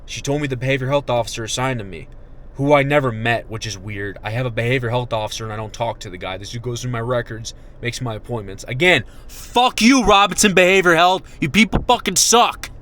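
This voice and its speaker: A young man and army veteran venting in an angry, profane monologue that swings from shouting to muttering. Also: mid-range voice, steady tone, fast, a little hiss or hum.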